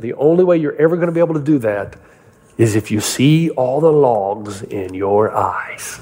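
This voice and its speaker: A man preaching a sermon, telling stories and asking his listeners rhetorical questions in an animated way. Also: medium pitch, in a large hall. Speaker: pastor.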